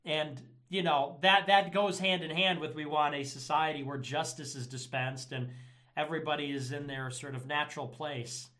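A man's voice: a little high, steady tone, moderate pace, pushed and bright. A man hosting a livestream, talking in a rambling, crude, sarcastic way with lots of filler words. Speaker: livestream host. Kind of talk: casual livestream commentary.

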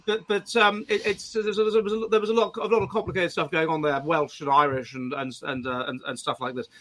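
A man's voice: a little high, steady tone, fast talker, pushed and bright. A man with a South London accent chatting casually, often stammering and repeating words. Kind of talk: casual chat.

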